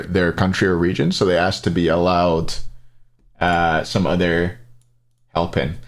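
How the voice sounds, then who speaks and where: Chatty man hosting a tournament stream. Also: on the low side. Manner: chatty, thinks aloud, answers chat. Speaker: esports tournament host. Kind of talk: casual live-stream chat.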